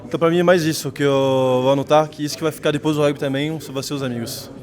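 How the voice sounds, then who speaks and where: A man's voice: a little high, steady tone, racing. A Brazilian man, a rugby player, answering interview questions in an earnest, humble way. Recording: outdoors with loud crowd behind.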